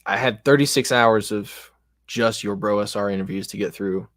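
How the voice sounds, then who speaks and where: A man with a lowish voice chats casually as a show host, rambling and poking fun at himself. The sound is close and dry, with no room around it. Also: moderate pace, a bit bright, dry recording. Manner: rambling, self-deprecating. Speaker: podcast host and game master. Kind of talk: casual chat about tabletop games.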